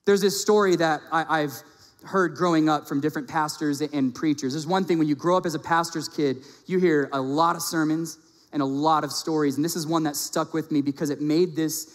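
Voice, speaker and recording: A man's voice: on the high side, fairly even intonation, normal speed. Preaching man in a reverberant hall. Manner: impassioned, rising loud on emphasis and dropping soft for the story. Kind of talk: sermon storytelling.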